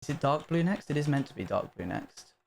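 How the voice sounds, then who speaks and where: A man's voice: expressive, fairly quick, creaky. Guy live-streaming a block game, chats to viewers as he builds, voice jumps around a lot, faint hiss behind. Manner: chatty, talks to his chat while building, bursts of panicked pitch jumps. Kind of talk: casual live-stream gaming commentary.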